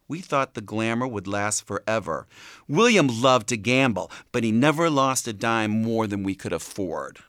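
A man voicing an elderly, forgetful mother who talks gently and drifts between memories. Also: mid-range voice, no echo, studio quality. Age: older.

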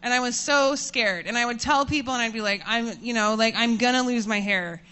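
A woman in her thirties telling a personal story to an audience, candid and self-mocking, laughing often and getting animated as she tells it. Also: fairly high pitch, a little fast, smooth. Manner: animated, voices rising when furious.

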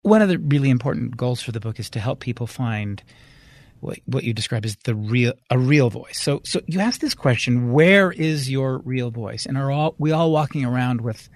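Lively-voiced male radio host, dry studio. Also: mid-range voice, no echo. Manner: measured, curious questioning. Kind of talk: public radio interview.

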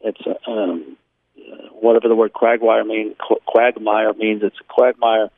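A man's voice: on the low side, level tone, unhurried, dry recording. A man, a law professor, speaking frankly and bluntly as a radio interview guest from his home, with frequent ums and sarcastic asides. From Israel. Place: his home near Jerusalem. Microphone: phone line. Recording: tinny phone line.

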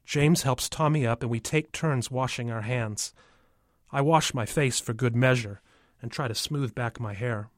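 A man's voice: mid-range voice, a little slow, no echo, studio quality. Man reading a first-person story. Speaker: audiobook narrator.

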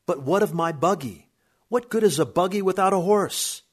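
A man's voice: sits high, moderate pace, pitched above the performer's own voice. A man voicing a lonely, sad older farmer who complains mournfully. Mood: aggrieved.

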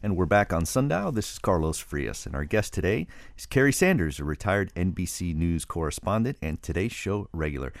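A man's voice: low-pitched, sing-song, fairly quick, faint music behind. A middle-aged man hosting a radio interview, asking engaged, curious questions in a conversational way. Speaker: radio show host.

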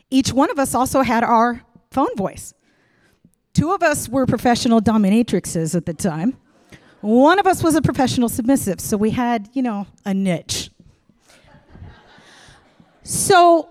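A middle-aged woman doing stand-up storytelling, frank and animated, acting out the voices in her tale. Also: a little high, normal speed, pauses often, no room sound. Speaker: comedian.

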